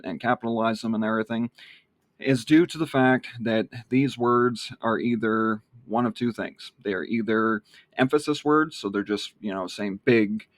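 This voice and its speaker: A man's voice: fairly low pitch, no room sound. A man giving a casual screen-share tutorial on online marketing, rambling with lots of ums and restarts.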